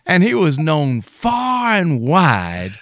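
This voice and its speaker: Folksy musician telling stories. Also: male voice, fairly high pitch, wildly swooping pitch, slow pace, fairly bright tone, a little hiss or hum. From Mississippi, US. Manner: rambling, folksy, anecdotal. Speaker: musician guest. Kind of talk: storytelling interview.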